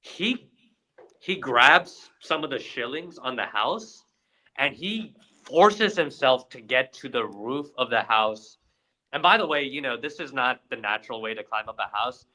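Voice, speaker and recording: Young man, podcast co-host, bright forceful voice, casual animated storytelling. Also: mid-range voice, unhurried, rough recording. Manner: animated retelling with acted-out quotes.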